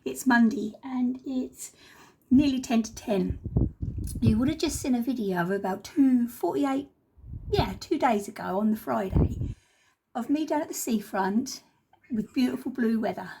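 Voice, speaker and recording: A woman from southeast England chatting casually on a craft vlog, slightly croaky, rambling and laughing often. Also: fairly high pitch, expressive, unhurried, darkish tone. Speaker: craft podcaster.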